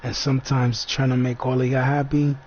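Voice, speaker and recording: Relaxed man rambling casually in slang, mid-pitched, recorded lo-fi. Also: fairly quick. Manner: laid-back, slangy, talks in loose fragments. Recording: dull lo-fi sound with faint background noise.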